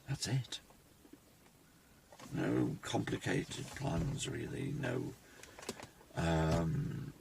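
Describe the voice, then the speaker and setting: A man records a rambling personal vlog on his phone. His low, heavily gravelly voice moves slowly through halting, restarting thoughts, with a faint hiss under it. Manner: reflective, halting, with many restarts. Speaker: vlogger. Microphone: phone camera.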